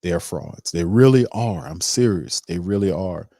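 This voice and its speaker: Low-voiced man ranting on a sports podcast. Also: lively intonation, measured pace, vocal fry, dark tone, no room sound, studio quality. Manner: emphatic, heated, repetitive ranting with slang. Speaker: podcast host. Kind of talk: casual sports commentary.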